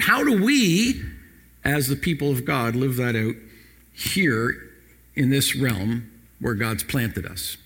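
A man's voice: mid-range voice, pushed and bright. A man preaching a sermon as pastor, leading prayer and calling for responses from the congregation. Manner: preaching with rising emphasis and call-and-response.

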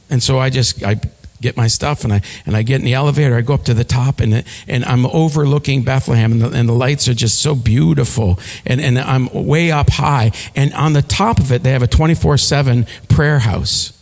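A man preaching a sermon, telling a story with halting repeats and leading the congregation in call-and-response. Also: medium pitch, creaky, big-room sound. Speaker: pastor.

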